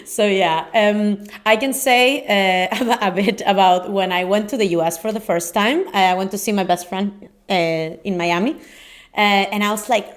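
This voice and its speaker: A young adult woman, a Spanish native speaker, hosting a podcast in casual chat, talking freely with many fillers and frequent laughs. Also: mid-range voice. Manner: chatty, laughs often, filler-heavy. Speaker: podcast host.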